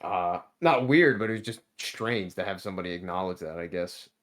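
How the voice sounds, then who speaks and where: A man's voice: sits low, a little fast, fairly bright tone. A man in his thirties telling a work story in casual podcast chat, laid-back, swearing constantly and restarting his sentences. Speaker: podcast guest.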